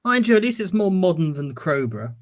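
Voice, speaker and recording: A man's voice: high voice, sing-song, fairly quick, no echo. A man co-hosting a live stream, trading dry sarcastic quips and casual swearing. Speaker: stream co-host.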